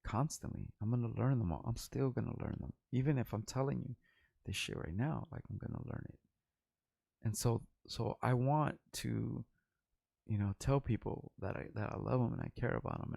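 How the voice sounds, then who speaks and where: A man's voice: mid-range voice, vocal fry, a little mellow, no room sound, clean studio sound. A man in his forties from Los Angeles, a rapper talking in a rambling, profane and candid vlog monologue.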